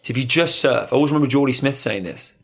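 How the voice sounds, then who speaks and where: A man's voice: mid-range voice, very fast, creaky, a bit bright, a little hiss or hum. A man hosting a podcast in casual chat, talking in an emphatic, motivational way.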